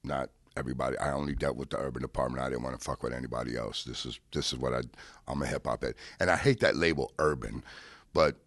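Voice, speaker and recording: Deep-voiced man telling casual stories. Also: quick pace, dry recording, clean studio sound. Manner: animated storyteller, swears freely, acts out the voices of people he quotes. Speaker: interview guest, car rental businessman. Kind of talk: casual storytelling interview.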